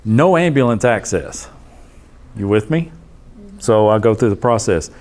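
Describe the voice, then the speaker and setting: A man, an EMT instructor telling a case story to his class in a blunt, animated way. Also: on the low side, a little slow. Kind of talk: storytelling lecture.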